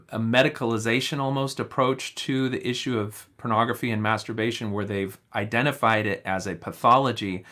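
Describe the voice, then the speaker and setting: A man hosting a conversation, explaining points in a measured, analytical way with clinical wording. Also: lowish voice, a bit bright. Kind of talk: explanatory commentary.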